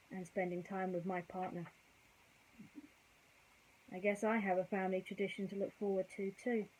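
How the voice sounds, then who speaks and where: A woman reading a bedtime story aloud, gentle and chatty, with casual asides to young listeners. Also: mid-range voice, husky, poor audio.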